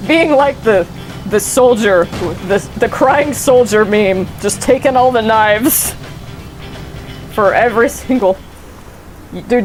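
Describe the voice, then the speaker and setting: A woman's voice: mid-range voice, low-quality recording. A young woman streaming a game, rambling and swearing as she cuts herself off mid-sentence. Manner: rambling, profane, self-interrupting. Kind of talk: casual gameplay commentary. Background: faint game music.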